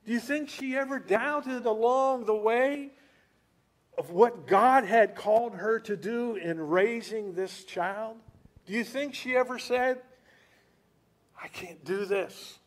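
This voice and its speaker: A male preacher giving a sermon, telling stories in an animated way and asking rhetorical questions. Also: extremely high pitch, slow.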